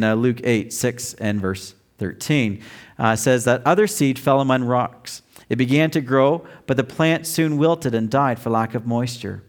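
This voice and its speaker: A middle-aged man preaching a sermon, telling a personal story with acted-out quotes and emphatic shifts in pitch and volume. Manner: storytelling, acts out quotes loudly. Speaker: pastor.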